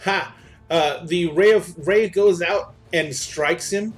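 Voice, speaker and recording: Guy dm narrating the fight, kinda high voice, some music behind. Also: slow. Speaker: game master. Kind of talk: narrating a tabletop game.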